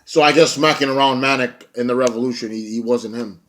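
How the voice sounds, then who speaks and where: A man's voice: mid-range voice, steady tone, brisk, fairly bright tone. A young man giving a casual wrestling show review, blunt and profane, ranting and mocking.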